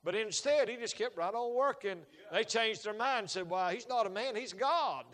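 A high, bright-voiced man preaches in a folksy storytelling manner that swells into shouted fervor. His voice rings out with a long hall reverb behind it. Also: moderate pace. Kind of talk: sermon.

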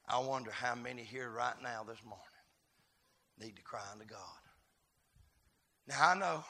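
A man preaching a sermon, swinging from quiet murmurs to shouted, chanted climaxes. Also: mid-range voice, animated, moderate pace, pauses often.

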